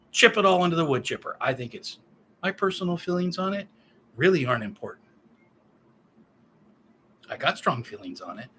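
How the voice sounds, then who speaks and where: A man in his fifties delivers a solo political rant. He swears freely and turns sarcastic and heated, with a fairly high voice that cuts through with a hard, forceful edge. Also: slight background noise. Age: 50s. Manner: profane, sarcastic, heated ranting. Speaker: political commentator.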